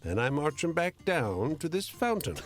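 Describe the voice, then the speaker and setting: A proud, fussy hotel bellman from a storybook adventure game, his voice leaping high and swooping all over the place. He talks slowly and with delight, faint music playing behind him. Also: sing-song. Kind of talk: voice-acted game character.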